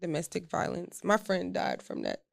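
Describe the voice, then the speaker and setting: A woman co-hosting a podcast, chatting casually and telling stories with animated emphasis. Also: fairly low pitch, normal speed, vocal fry, no room sound, clean studio sound. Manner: animated, storytelling, drops quiet when serious. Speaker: podcast co-host. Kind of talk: casual chat.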